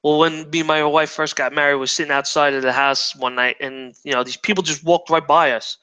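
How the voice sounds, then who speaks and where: A man's voice: a little high, steady tone, brisk, pushed and bright, clear, resonant tone. A young man, a guest chatting casually, rambling and swearing freely. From New York. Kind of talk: casual chat.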